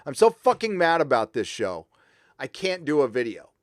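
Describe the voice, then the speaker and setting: A man's voice: medium pitch, sing-song, normal speed, no echo, studio quality. A middle-aged man from Southern California hosting a livestream, ranting in a casual, profane, rambling way with frequent restarts. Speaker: livestream host reading super chats.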